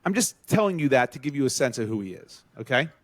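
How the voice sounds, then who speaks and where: A man's voice: quick pace, dry recording. A man co-hosting a podcast, telling a story to friends in casual chat and acting out the quotes. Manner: animated, acts out quotes with rising pitch. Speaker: podcast co-host.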